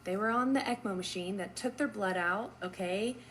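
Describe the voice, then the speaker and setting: A young woman, a nurse, telling a story casually and acting out the dialogue with lively swings in her voice. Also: normal speed, slight background noise. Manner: animated, acts out quoted dialogue with big pitch jumps.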